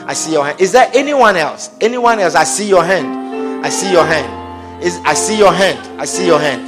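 A man preaching as a pastor, leading an altar call and a prayer in a slow, repetitive, pleading manner. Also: high-pitched, animated, over music.

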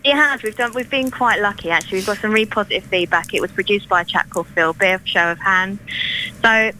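A woman's voice: mid-range voice, fast, bright, forceful tone, slight background noise, low-quality recording. A woman in her thirties from Ireland with a London English accent, a folk singer-songwriter chatting as a radio guest with plenty of ums and restarts. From Ireland, raised in East London. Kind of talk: casual radio interview.

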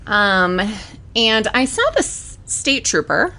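A young adult woman co-hosting a podcast, telling a story in casual chat and acting out the people she quotes. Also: measured pace. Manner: animated, acts out quotes with pitch jumps. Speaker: podcast co-host.

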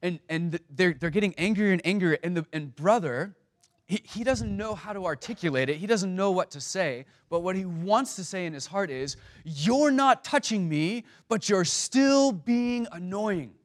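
A man's voice: high voice, brisk. Pastor guy preaching, lightish voice, keeps restarting words, chatty. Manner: conversational, frequent stammered restarts. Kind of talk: sermon.

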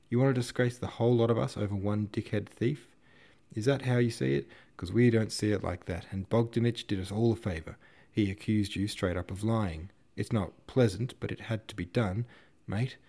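A man playing a gruff, blunt veteran staff captain in an audiobook, scolding in coarse slang, a touch higher and louder than the reader's usual voice, with a lowish male tone underneath.

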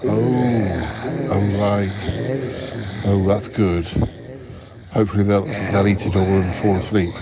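A man's voice: fairly low pitch, steady tone, slow pace, long pauses, heavy background noise. A man hosting an improvised comedy podcast, hesitant and polite, often stammering. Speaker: podcast host. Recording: dull lo-fi recording.

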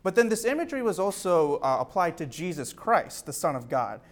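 A man's voice: fairly high pitch, sing-song, a little fast. A young man preaching an earnest teaching sermon, reading scripture aloud with rising emphasis.

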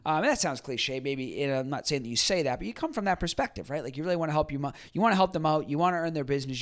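A man's voice: on the high side, sing-song, rapid-fire, few pauses, a bit bright. A man hosting a podcast, talking casually and reflectively with many fillers and restarts. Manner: acts out quoted people in a livelier voice. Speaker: podcast host. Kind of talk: casual solo commentary.

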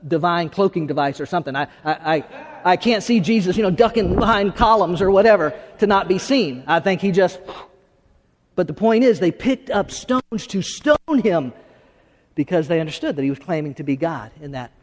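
Man, pastor, conversational sermon, high-pitched, long reverb. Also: moderate pace. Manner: animated, conversational preaching with frequent restarts.

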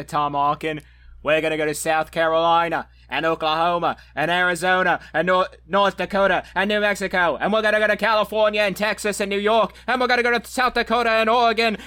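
A man doing a comedic impression of a president, building his speech to a loud crescendo. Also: high-pitched, clean tone, voice pushed up. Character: US president giving a rising, shouting rally speech.

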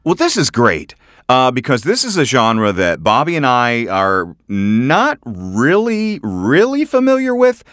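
A man co-hosting a podcast, excitable and jokey, often laughing. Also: mid-range voice, takes it slowly, no echo, studio quality. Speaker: podcast co-host. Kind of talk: casual chat.

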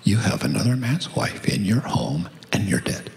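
A man's voice: on the low side, wildly swooping pitch, measured pace, in a whisper, full character voice. A man voicing a stern divine being who gives blunt warnings.

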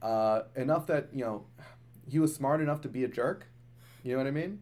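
A man's voice: mid-range voice, fairly quick, a little mellow. Rambling man telling a story. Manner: rambling storyteller, many fillers and restarts. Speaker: podcast co-host; works with kids at a dental office. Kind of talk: casual chat.

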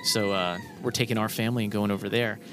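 A man's voice: on the low side, steady tone, fast, noisy background. A man chatting as a guest on a podcast, rambling and hesitant, with many "uh"s and "um"s. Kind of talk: casual chat.

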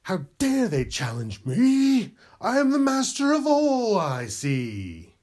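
A man putting on a booming, pompous tyrant. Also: wildly swooping pitch, darkish tone, exaggerated voice. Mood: grandiose. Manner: slow, booming, theatrical. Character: pompous wrathful tyrant self, grandiose.

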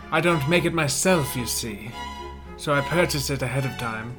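An American man putting on a refined British gentleman's voice on a podcast. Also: on the high side, close to an everyday voice. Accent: put-on British.

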